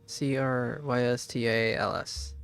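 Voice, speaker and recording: A man streaming a game live, thinking aloud in a slow, halting way and sometimes spelling words out letter by letter. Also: medium pitch, steady tone, a bit bright, soft background music. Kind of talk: casual live gameplay commentary.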